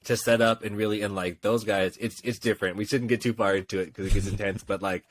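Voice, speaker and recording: A man co-hosting a casual gaming podcast, telling stories and acting out quotes in raised, excited voices. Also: fairly low pitch, fast, a little hiss or hum. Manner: animated storyteller, acts out quotes in raised voices. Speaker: podcast co-host. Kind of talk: casual chat.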